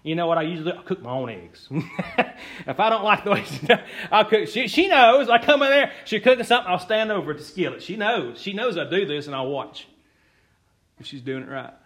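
A man's voice: high voice, animated, a little fast, a bit bright, slightly rough. A man preaching a folksy sermon as pastor, chuckling often and repeating his key phrases.

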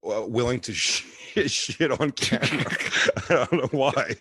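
A man co-hosting a comedy podcast, riffing in crude casual chat and breaking into quick bursts of laughter. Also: mid-range voice, fairly bright tone, breathy edge, no room sound, clean studio sound.

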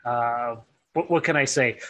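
A man's voice: medium pitch, a little slow, fairly bright tone. A man co-hosting a podcast, talking casually about films with dry, sarcastic understatement. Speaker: podcast co-host. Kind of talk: casual film chat.

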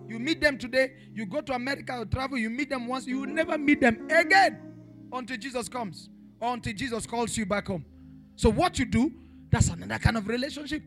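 High-voiced preacher over church music. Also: male voice. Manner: preaching with rising shouted passages and speaking in tongues; repetitive, emphatic, rhetorical questions. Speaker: pastor. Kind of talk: sermon. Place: church in Pretoria.

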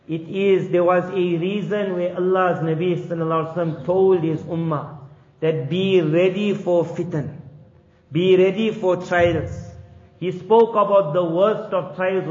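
A man giving an earnest sermon, asking rhetorical questions and acting out quotes. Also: high-pitched. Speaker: preacher. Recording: echoey hall, dull lo-fi sound.

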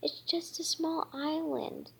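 A woman voicing a sensible girl fairy who leads her friends, reading haltingly. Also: high voice, flat delivery, creaky, voice pushed up, exaggerated voice. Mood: firm. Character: sensible girl fairy leader, firm and careful.

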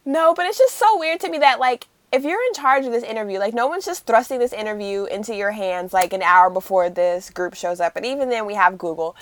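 A chatty woman in a casual group talk, fond of "like", with a slightly high voice. The sound is dry and close. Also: lively intonation, brisk, few pauses, no room sound. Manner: chatty, lots of "like". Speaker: podcast co-host.

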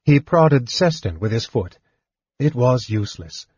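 A man narrating an audiobook in an even, measured reading. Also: mid-range voice, husky, no echo. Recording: dull, dry lo-fi recording.

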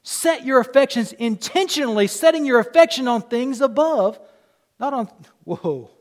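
A man with a Southern US accent preaching a sermon as pastor, swinging from loud declarations to hushed asides. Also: extremely high pitch, lively intonation, moderate pace.

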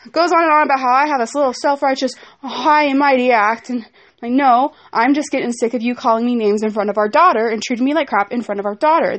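A young woman venting in a rambling personal vlog about a fight at home, speaking with frustration. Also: a little high. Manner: frustrated rambling storytelling with asides to her kids. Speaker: vlogger.

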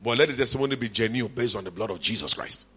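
A middle-aged man with a Nigerian accent preaches lively at a church conference, now and then shouting or switching to Yoruba for asides. He's a fast talker with a fairly low, slightly rough voice.

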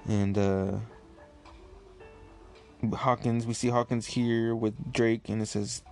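A man casually reviewing a comic chapter, relaxed and rambling with lots of fillers. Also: mid-range voice, measured pace, soft background music.

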